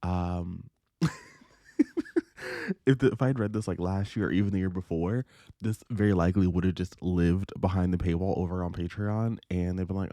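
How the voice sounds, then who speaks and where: A man gives a casual book recap to camera, telling the story with animated, profane flair. His voice sits close to the mic in a dry, dead space. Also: low voice, normal speed, no room sound. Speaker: book vlogger.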